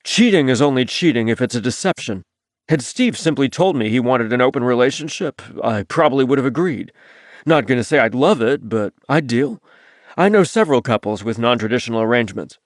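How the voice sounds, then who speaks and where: A man voicing a reserved adult male navy submariner in an audiobook, speaking in a plain, low-key way. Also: lively intonation, brisk, no echo, studio quality, lightly acted. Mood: explaining.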